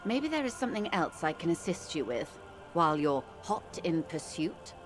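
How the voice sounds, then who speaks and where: A woman's voice: low-pitched, sing-song, normal speed, music in the background. An actress voicing a composed, formal woman in a video game, speaking politely.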